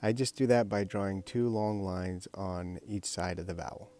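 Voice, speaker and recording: A man's voice: low-pitched, steady tone, normal speed, warm tone. A man explaining a writing exercise step by step, in a patient instructional manner. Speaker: language teacher.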